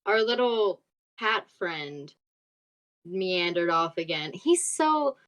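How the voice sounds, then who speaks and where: A woman's voice: lowish voice, expressive, takes it slowly, fairly bright tone, rough recording. A woman chatting in character during a tabletop game, giggling often and trailing off mid-sentence. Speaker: tabletop player. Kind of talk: casual in-character tabletop chat.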